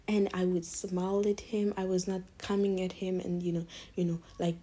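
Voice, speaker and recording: A woman giving casual, direct advice to other women in a vlog, often calling out to them and slipping into breathy half-whispers. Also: lowish voice, little pitch movement, normal speed, mellow. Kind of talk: casual advice monologue to camera.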